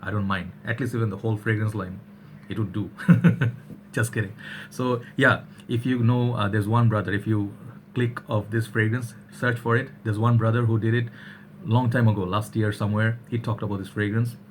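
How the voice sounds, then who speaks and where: Dude talking fast and excited, kinda low voice, lots of "all right". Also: male voice, a little hiss or hum. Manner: chatty, energetic, keeps saying "all right". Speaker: fragrance reviewer. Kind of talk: casual chat to camera.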